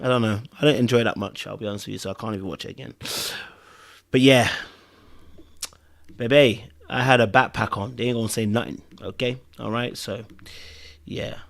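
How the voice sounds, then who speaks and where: A man's voice: mid-range voice, steady tone, moderate pace, vocal fry, pauses often. A man hosting a podcast in casual chat, rambling and checking in with "okay?" and "you know what I mean". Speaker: podcast host.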